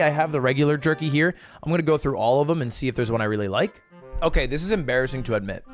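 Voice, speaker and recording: Animated joking man with lively pitch. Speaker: streamer ranking products. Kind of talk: casual streaming commentary.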